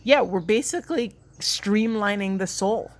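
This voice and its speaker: Woman, earnest spiritual reader, rambling, heartfelt, mid-pitched. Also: measured pace. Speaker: tarot card reader. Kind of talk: spiritual reading monologue.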